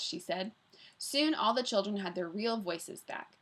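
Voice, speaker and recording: A woman, a teacher, reads a chapter book aloud to her class with expressive storytelling. Her voice sits at a middle pitch. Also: a little slow. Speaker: teacher reading aloud to students. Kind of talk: children's book read-aloud.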